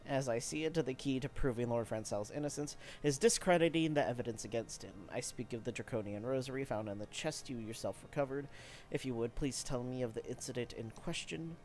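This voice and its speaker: A man's voice: medium pitch, brisk, a little mellow, close to an everyday voice. A man voicing an earnest, formal noble knight while reading game dialogue aloud.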